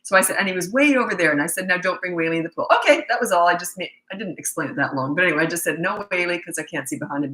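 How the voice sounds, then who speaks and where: A middle-aged woman coaching parents, telling a story in a direct, no-nonsense, animated way. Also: on the low side, echoey room, low-quality recording. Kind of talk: casual storytelling advice.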